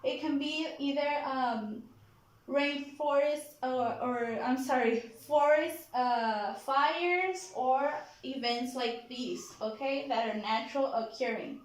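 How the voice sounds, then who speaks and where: A woman teaching a vocabulary lesson in a classroom. She models each word slowly and keeps checking in with "okay?". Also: high voice. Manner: slow, deliberate modeling of pronunciation, frequent "okay?" checks. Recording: very echoey classroom.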